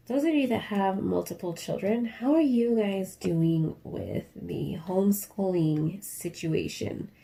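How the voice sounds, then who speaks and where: This craft vlogger is a young adult woman with a gravelly, dark-toned voice in the mid range. She does diamond painting while she talks casually, rambling and ranting with lots of filler words.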